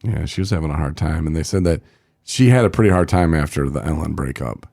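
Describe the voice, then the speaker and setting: A man's voice: a bass voice, fast talker, gravelly, darkish tone, no echo, studio quality. A man co-hosting a podcast in casual, rambling chat, joking and trailing off as he goes through a list. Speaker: podcast co-host.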